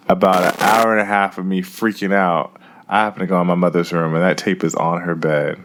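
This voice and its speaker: A young man co-hosting a podcast, telling a story in a casual, animated way. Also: a little fast, background noise. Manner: animated storyteller, mimics others in a high voice. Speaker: podcast co-host.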